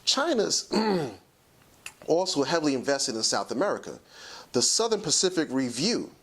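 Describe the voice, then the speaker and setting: Animated man lecturing on a talk show. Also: on the high side, breathy edge. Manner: lecturing, emphatic, slows down to stress points. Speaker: commentary show host. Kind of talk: solo talk commentary.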